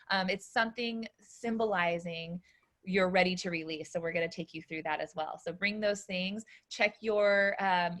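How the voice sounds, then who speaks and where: A bright-voiced woman coaching members on a training call. She sounds upbeat and encouraging, laying out each step plainly at a mid pitch. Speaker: business coach and co-host.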